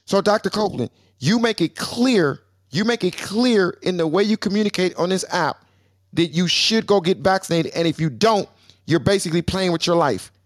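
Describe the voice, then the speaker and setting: A man's voice: sits high, normal speed, no echo, studio quality. Man moderating a heated live audio room. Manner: firm, keeps asking for the floor.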